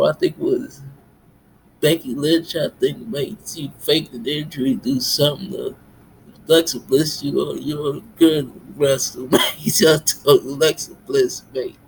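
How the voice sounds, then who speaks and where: A man rambling in a monologue, tacking "mates" onto nearly every phrase in a halting, repetitive delivery. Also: a little high, creaky, a little hiss or hum. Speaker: self-styled pastor vlogger.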